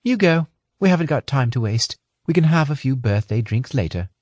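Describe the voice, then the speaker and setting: A man voicing a brisk, decisive young woman in a storybook. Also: medium pitch, expressive, a little mellow, no room sound, studio quality, pitched above the performer's own voice, lightly acted.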